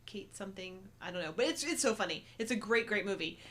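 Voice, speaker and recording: A woman's voice: medium pitch, lively intonation, quick pace, fairly bright tone. A woman in her thirties co-hosting a casual live chat, bubbly and enthusiastic. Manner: bubbly, enthusiastic, laughs often. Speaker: co-host.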